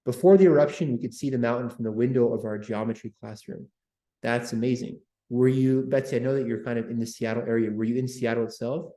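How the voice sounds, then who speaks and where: A man's voice: medium pitch, steady tone, quick pace, warm tone, echoey room. A man hosting a history livestream, chatting with viewers and repeating words as he talks. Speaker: host. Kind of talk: livestream history talk, reading chat.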